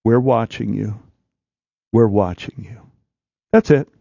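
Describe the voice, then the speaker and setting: A man voicing a calm, menacing male Klan leader who threatens softly while smiling. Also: creaky, no echo, highs cut off, heavily acted. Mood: quietly menacing. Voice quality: low, quiet, unhurried.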